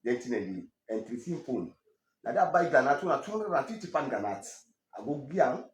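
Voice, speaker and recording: A man with a Sierra Leonean Krio accent giving a halting, emotional personal testimony, stammering through restarts and growing animated when he quotes others. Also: medium pitch, echoey room. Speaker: interviewee telling his story.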